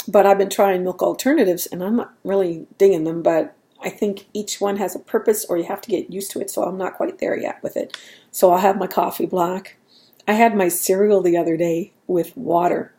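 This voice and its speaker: Chatty rambling woman, mellow voice. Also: lowish voice. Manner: chatty and rambling, laughs at herself. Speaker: vlogger. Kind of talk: casual chat.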